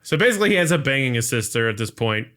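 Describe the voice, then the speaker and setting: A man on a podcast walks through a film's plot scene by scene in a loose, rambling recap full of "like" and "um". His voice is bright and sharp, with a smooth, crisp clarity. It sits at an ordinary pitch for a man. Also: very animated, racing. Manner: rambling, filler-heavy retelling. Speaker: podcast host. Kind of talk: casual movie recap.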